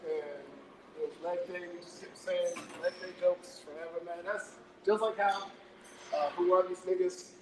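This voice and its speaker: A man co-hosting a casual podcast over a phone call, animated, often ending lines with "man". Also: high-pitched, moderate pace. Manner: animated, laughs often, says "man" a lot. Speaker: podcast co-host. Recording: faint background noise on a phone call.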